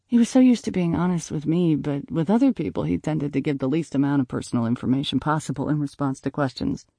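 A man narrating a first-person audiobook in a measured, conversational storytelling manner. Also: fairly high pitch, gravelly, mellow, no echo.

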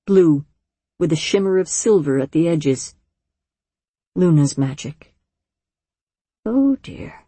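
A woman narrating a storybook in a measured, gentle reading voice, close to the mic. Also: lowish voice, slightly rough, no room sound. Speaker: audiobook narrator. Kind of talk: scripted narration.

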